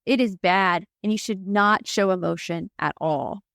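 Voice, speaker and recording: A woman's voice: medium pitch, a little slow, vocal fry, fairly bright tone, no echo. A woman co-hosting a casual parenting podcast, telling stories and acting out what parents say, on a close mic. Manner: storytelling, acts out quoted parents. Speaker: podcast co-host.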